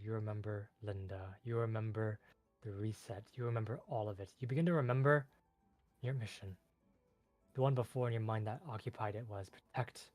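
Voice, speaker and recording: A man's voice: fairly low pitch, a little mellow, dry recording. A man narrating a tabletop game as game master, loose and chatty.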